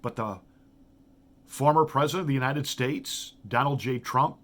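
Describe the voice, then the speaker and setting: Casting note: middle-aged male pastor, mid-pitched voice, emphatic commentary built on rhetorical questions, frequent restarts. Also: normal speed, a bit bright. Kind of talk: political commentary monologue.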